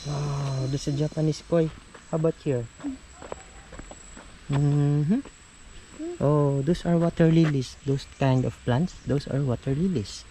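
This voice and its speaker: A woman's voice: low voice, steady tone, measured pace, long pauses, mellow, a little hiss or hum. A woman outdoors in a nature park, talking to a baby in a sing-song, coaxing way and pointing things out. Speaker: parent showing a baby around. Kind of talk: casual baby talk.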